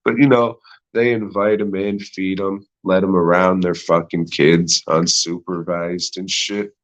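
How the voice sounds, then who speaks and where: An American man hosts a podcast alone, rambling through a sarcastic, profane movie review and laughing at his own jokes. His voice is low and flat, his pace unhurried, and the highs are cut off.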